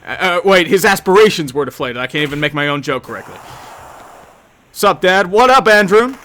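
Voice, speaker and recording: Streaming gameplay, a young man answers his chat casually, rambling and tossing out sarcastic jokes. His voice is on the high side, a little bright, with lively intonation.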